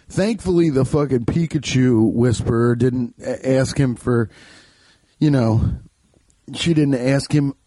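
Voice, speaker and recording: A man's voice: mid-range voice, dark tone, no room sound. A young man telling a comic story in a loose, rambling, profane way. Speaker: comedian.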